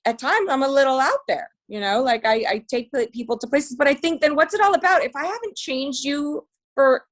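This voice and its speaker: Chatty middle-aged woman, candid, swears a bit, highish voice. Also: fairly quick. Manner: candid, animated, swears casually. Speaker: podcast guest. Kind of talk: casual chat.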